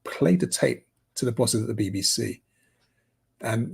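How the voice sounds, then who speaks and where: A man's voice: medium pitch, lively intonation, a little slow, vocal fry, breathy edge. A man hosting a community news update in casual, rambling commentary full of fillers and restarts. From United Kingdom.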